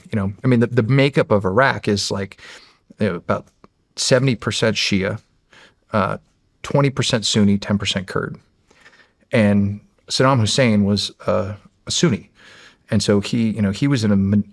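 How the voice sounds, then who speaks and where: A middle-aged man from the United States, a former Navy SEAL, telling stories as a podcast guest in a loose, animated way with many fillers and restarts. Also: lowish voice, gravelly, dry recording, studio quality. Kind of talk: casual storytelling.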